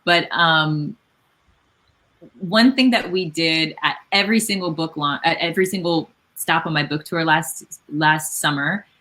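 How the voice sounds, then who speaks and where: Effusive woman hosting a book talk, dark and forceful. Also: sits low. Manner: effusive, encouraging, many restarts and fillers. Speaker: author and host of book event. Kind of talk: casual live-streamed book talk.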